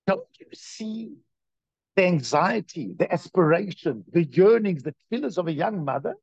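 A man gives a conversational religious class, his voice gravelly and lively as it swings up and down. He keeps asking his listeners questions and tells stories to make his point. The recording is dry and a bit dull and lo-fi. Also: high-pitched, unhurried, pauses often, no room sound. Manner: talks straight to listeners with frequent questions. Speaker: teacher of a Jewish religious class. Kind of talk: conversational lecture with storytelling.

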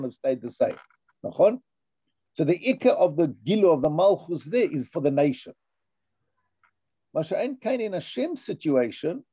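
Animated man teaching a Torah class. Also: a little high, husky, no echo, highs cut off. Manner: lively, thinks aloud with many restarts and "yeah?" checks.

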